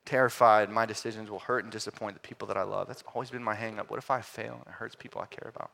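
A man preaching a sermon, swinging between loud emphatic lines and quiet, hushed ones. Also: fairly low pitch, steady tone, very fast, gravelly.

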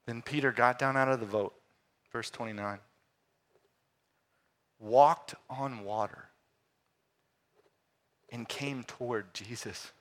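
A man preaching a sermon, swinging between loud emphatic lines and quiet, hushed ones. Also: medium pitch, fairly even intonation, slow pace, long pauses.

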